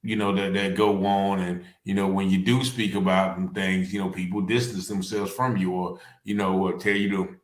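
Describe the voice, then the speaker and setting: Hesitant low-voiced host, roomy sound. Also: male voice, steady tone, moderate pace, hardly any pauses. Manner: hesitant, repeats words while searching for them. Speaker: talk show host. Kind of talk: casual conversational interview. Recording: roomy echo.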